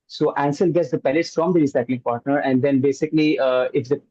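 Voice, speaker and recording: A man's voice: medium pitch, steady tone, quick pace, mellow, dry recording, lo-fi sound. A man on a hackathon team answering judges' questions at length, with frequent fillers. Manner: explains at length with many uh fillers. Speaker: hackathon team member pitching.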